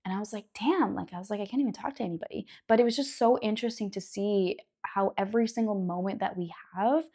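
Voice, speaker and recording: A young woman talks to camera about wellness in a casual, chatty way. Her voice sits at an ordinary middle height, and her delivery is animated, full of likes and you knows. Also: medium pitch. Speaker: naturopathic doctor and wellness creator. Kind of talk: casual educational talk to camera.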